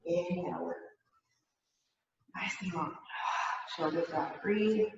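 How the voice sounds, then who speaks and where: Breathy yoga teacher in an echoey studio. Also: female voice, fairly low pitch, takes it slowly, far from the mic, muffled recording, background noise. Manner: relaxed, chatty, laughs at herself. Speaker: yoga instructor. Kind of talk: guided yoga class instruction.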